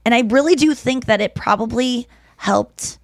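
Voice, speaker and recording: A woman's voice: fairly high pitch, normal speed, dry recording, clean studio sound. A woman in her thirties hosting a podcast, telling stories in casual chat and acting out the people she quotes. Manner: animated storytelling, acting out quotes. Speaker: podcast host.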